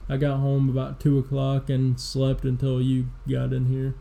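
A man in his twenties co-hosting a podcast, telling a long story in casual, profane chat with plenty of fillers, at low energy. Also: completely flat delivery, moderate pace, creaky, dark tone. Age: 20s. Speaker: podcast co-host.

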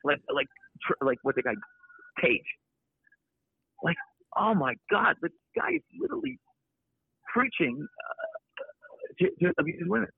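Gravelly-voiced man ranting on a call. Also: high-pitched, wildly swooping pitch, unhurried, pauses often, no room sound. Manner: opinionated, rambling, blunt. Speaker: podcast guest. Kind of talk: casual podcast conversation. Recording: dry, tinny phone-like line.

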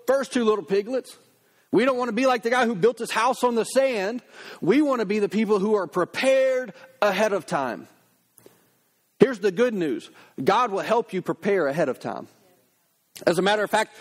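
A male pastor giving a sermon in a lively, conversational storytelling manner. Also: sits high.

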